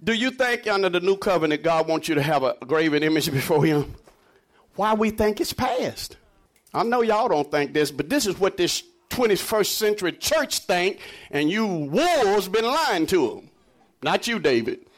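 A man with a high, very lively voice preaches a sermon. He drops low and then climbs into high shouts, laughing and joking with his congregation along the way. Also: moderate pace. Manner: animated preaching, swinging between low murmurs and high shouts. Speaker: pastor.

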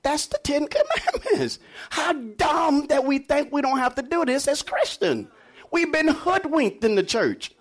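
High, lively voiced man preaching. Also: unhurried. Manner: animated preaching, swinging between low murmurs and high shouts; jokes and laughs with the congregation. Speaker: pastor. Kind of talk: sermon.

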